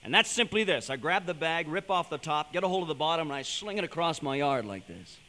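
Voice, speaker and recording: High-voiced, bright man preaching in a hall. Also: fast talker. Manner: animated storyteller, builds to emphatic points. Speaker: speaker addressing a young audience. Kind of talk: storytelling sermon-style talk. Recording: long hall reverb.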